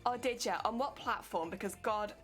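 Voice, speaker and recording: A woman's voice: medium pitch, moderate pace, fairly bright tone, soft background music. A young woman with an English accent, chatting casually on a live stream while working on a cosplay, giggling and rambling. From England.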